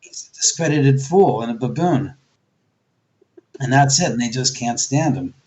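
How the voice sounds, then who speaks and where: A man being interviewed as a guest author, telling stories casually and acting out quotes with sudden jumps in his voice, speaking over a video call. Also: normal speed. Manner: animated, acts out quotes with jumps in pitch.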